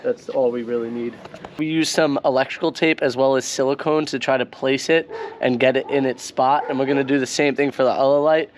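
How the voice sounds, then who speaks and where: A man's voice: mid-range voice, fairly even intonation, brisk, slight background noise. A man with a New York accent, a van life vlogger, casually explaining a hands-on install outdoors. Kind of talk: casual how-to narration. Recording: music playing behind voice.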